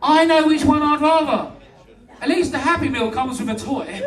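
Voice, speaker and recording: A man's voice: extremely high pitch, normal speed, recorded from a distance. A man hosting a comedy night, teasing the audience with cheeky banter and bringing on the next act. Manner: cheeky crowd banter, introduces acts. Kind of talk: stand-up compering. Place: small comedy club. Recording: echoey club room, mic heard from afar, loud crowd. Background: audience laughing.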